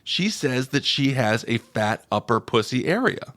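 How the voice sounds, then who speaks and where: Lively joking man hosting a podcast. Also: mid-range voice, a little slow. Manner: crude, joking storyteller reading out posts. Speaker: podcast host. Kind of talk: casual podcast chat.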